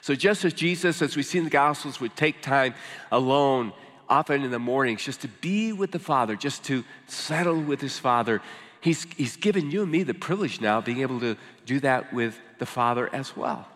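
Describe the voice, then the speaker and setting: A male pastor preaching a sermon, swinging from emphatic lines to hushed, slow scripture reading. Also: mid-range voice, animated, long reverb tail.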